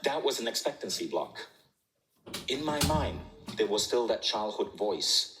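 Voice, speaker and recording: A man in his forties telling a story to a live audience as a keynote speaker, animated and often chuckling. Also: lowish voice, measured pace, over music, rough recording. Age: 40s. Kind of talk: storytelling talk on stage.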